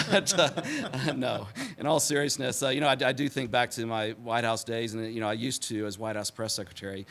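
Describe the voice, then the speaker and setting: A man's voice: medium pitch, normal speed, fairly bright tone. A man in his forties speaking at a symposium, telling stories with many fillers and laughing at his own jokes. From Texas. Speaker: symposium speaker, former press secretary. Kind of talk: public talk with anecdotes.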